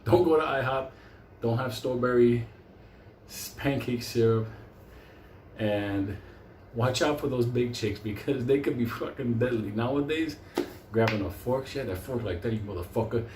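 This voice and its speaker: A man telling a wild story in a profane, animated way, laughing often. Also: medium pitch, moderate pace, long pauses, slight background noise. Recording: roomy echo, faint ambience.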